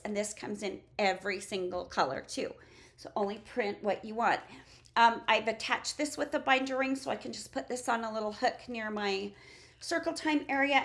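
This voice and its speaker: A woman preschool teacher casually walking through her classroom materials, acting out routines she uses with the children. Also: on the high side. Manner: chatty, demonstrates classroom routines aloud. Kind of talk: casual classroom-resource walkthrough.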